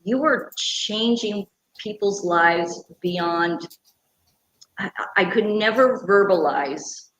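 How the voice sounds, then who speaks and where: A middle-aged woman being interviewed, talking earnestly and at length about her conservation work. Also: fairly low pitch. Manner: earnest, passionate, explains at length. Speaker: guest, radio personality and conservation founder. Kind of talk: conversational interview. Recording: echoey room, faint background hum.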